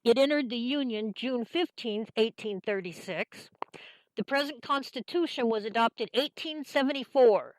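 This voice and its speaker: A woman's voice: on the high side, moderate pace, dry recording, poor audio. A woman from Kansas hosting a folksy talk radio show, chatting in a homey, meandering way with lots of fillers.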